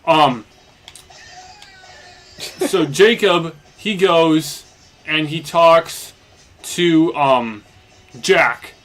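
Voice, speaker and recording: This young let's play commentator talks extremely slowly, leaving long pauses, in a voice that's on the high side and a bit bright. While playing a game he casually recaps a story, rambling loosely with many fillers like "like" and "basically."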